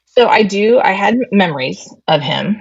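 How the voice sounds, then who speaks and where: A woman's voice: medium pitch, expressive, moderate pace, gravelly, husky, no room sound, highs cut off. A woman guest candidly recounting a family story, retelling conversations with lots of fillers. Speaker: interview guest. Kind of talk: personal storytelling.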